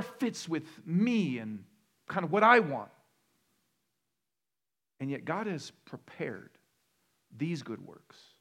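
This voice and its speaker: A man's voice: fairly high pitch, sing-song, takes it slowly, pauses often, fairly bright tone. A middle-aged man, a pastor, preaching a sermon in a conversational way, joking with the crowd and building to emphatic repeated lists.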